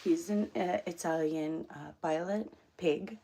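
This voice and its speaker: A woman who has just woken up talks casually to her stream, rambling with plenty of ums and restarts. Her voice sits a little low and has a gravelly fry to it. The home recording carries clear background noise. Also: measured pace. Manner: rambling, chatty, many fillers and restarts. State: just woke up. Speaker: livestream host. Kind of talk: casual chat. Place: home room.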